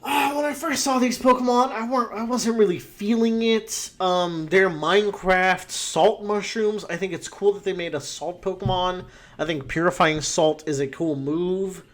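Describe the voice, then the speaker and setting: A man's voice: high-pitched, moderate pace, fairly bright tone. A man in casual, rambling commentary, ranking a full list of creatures with frequent swearing and fillers. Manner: laid-back, profane, rambling with fillers. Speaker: podcast host ranking game creatures.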